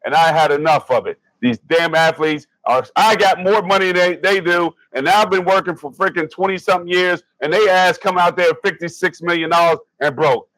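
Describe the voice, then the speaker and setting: A man's voice: a little high, moderate pace, few pauses, fairly bright tone, no echo, rough recording. A man in his forties co-hosting a sports podcast, ranting in an angry, profane, emphatic way. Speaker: podcast co-host. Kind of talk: heated sports podcast rant.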